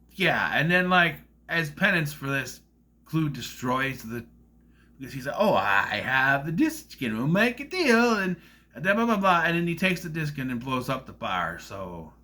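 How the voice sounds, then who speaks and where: A man's voice: medium pitch, bright, forceful tone. A man giving a casual, rambling movie review, often slipping into silly voices to act out lines. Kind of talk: casual film review monologue.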